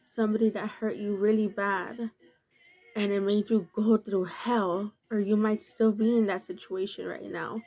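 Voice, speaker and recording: A woman's voice: mid-range voice, little pitch movement, moderate pace, mellow. A woman vlogger telling a personal story in a casual, earnest, confessional way, with many filler words.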